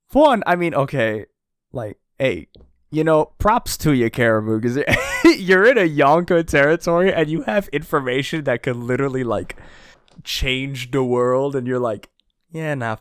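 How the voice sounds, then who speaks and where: A man co-hosting a casual podcast chat, excitable, laughing often and acting out quotes. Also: mid-range voice, unhurried, clean tone, no room sound, studio quality. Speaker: podcast co-host. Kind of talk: casual chat reviewing a chapter.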